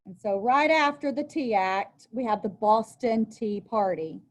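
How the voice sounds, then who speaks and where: Her voice a little high and her pace unhurried, a woman teacher records a lesson from her desk with a workbook. She reads aloud from the text and follows up with a chatty explanation and offhand asides.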